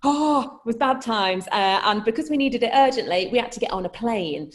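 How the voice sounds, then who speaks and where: A woman's voice: on the high side, lively intonation, normal speed. A woman with a Scouse accent telling a comic story to a live crowd, chatty and self-mocking, laughing mid-sentence and swearing freely. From Liverpool, England.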